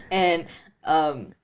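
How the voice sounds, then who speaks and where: A woman co-hosting a podcast, chatting casually with a friend and telling animated stories full of acted-out quotes. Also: very slow. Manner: animated storyteller, acts out quotes with high shrieks and laughter. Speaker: podcast co-host. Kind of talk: casual chat between friends.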